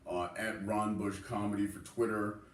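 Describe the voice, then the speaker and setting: A man who is a comedian, a guest on a talk show, energetic and salty-mouthed as he chats. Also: lowish voice, moderate pace. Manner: energetic and swearing, running through tour plans. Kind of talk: casual interview chat. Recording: echoey room, voice from a distance.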